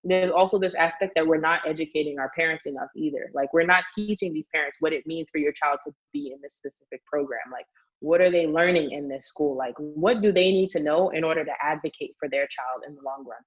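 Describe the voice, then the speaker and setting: A woman teacher talking casually on a podcast, telling animated stories full of "like" and laughter. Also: low voice, fast, dull audio. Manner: animated storytelling, frequent "like", laughs often. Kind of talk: casual conversation.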